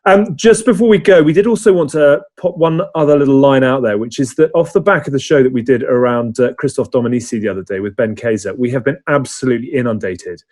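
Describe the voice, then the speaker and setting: Fast-talking male podcast host. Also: mid-range voice, darkish tone. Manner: brisk, polished wrap-up with light teasing. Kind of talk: podcast sign-off.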